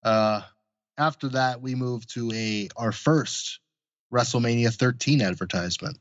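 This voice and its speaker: A man's voice: medium pitch, measured pace, dry recording, lo-fi sound. A man co-hosting a podcast, recapping in a laid-back, chuckling way. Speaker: podcast co-host. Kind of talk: casual chat.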